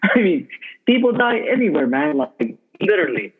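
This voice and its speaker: A laid-back man, a podcast guest, talks in a goofy, easygoing way. His voice is husky, and it comes through a tinny video-call line. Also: high voice, very animated, brisk. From Texas. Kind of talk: casual chat over a video call.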